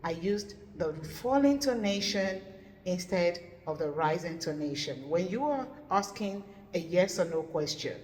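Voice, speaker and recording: Woman, lowish voice, teaching intonation through a lively anecdote, recorded in a reverberant room. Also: unhurried. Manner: animated storytelling, acting out her own quoted lines. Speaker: English pronunciation teacher. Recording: echoey room with long reverb.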